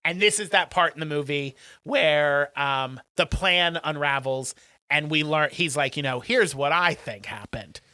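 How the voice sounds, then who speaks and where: A man co-hosting a casual podcast, excitedly recapping a movie and acting out the characters' lines. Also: on the high side, unhurried, no room sound. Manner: animated retelling, acting out film characters' lines. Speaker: podcast co-host. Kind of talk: casual chat.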